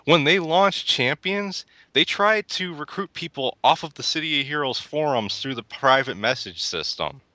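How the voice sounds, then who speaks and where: A man's voice: fairly high pitch, expressive, normal speed, hardly any pauses, sharp tone, dry recording. A young man co-hosting a casual gaming podcast, opinionated and rambling with restarts. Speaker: podcast co-host.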